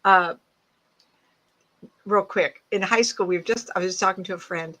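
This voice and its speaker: A woman psychic with a bright, forward voice talks to an online audience in a loose, anecdotal way. She laughs easily and speaks through earbuds from her home. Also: mid-range voice, moderate pace. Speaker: psychic medium guest speaker. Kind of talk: casual talk to an online audience. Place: home, mid-move.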